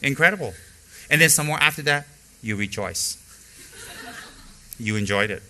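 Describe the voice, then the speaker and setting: A man's voice: medium pitch, animated, moderate pace, bright, forceful tone, slight background noise. A middle-aged man giving a spoken dharma teaching as a Buddhist teacher, emphatic and repeating key phrases for stress, mixing in candid stories from his own practice. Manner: candid personal storytelling.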